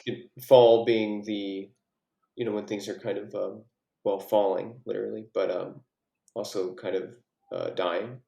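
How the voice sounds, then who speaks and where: A man leading a poetry workshop in a casual way, asking questions and reading lines of verse quietly. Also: lowish voice, level tone, a little slow, gravelly. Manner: inquisitive, reads verse softly. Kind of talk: casual critique and reading aloud. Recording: echoey room.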